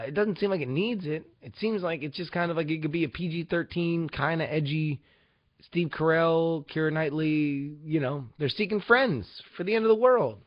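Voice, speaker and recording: Sarcastic, swearing man with animated pitch. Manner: profane, rambling, sarcastic. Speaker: host. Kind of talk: casual talk-show commentary. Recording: dull lo-fi recording.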